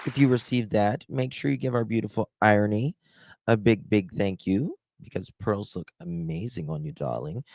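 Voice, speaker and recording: A man hosting a casual live stream, rambling and hesitant, warmly thanking chat. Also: fairly low pitch, normal speed, some chatter behind. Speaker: livestream host.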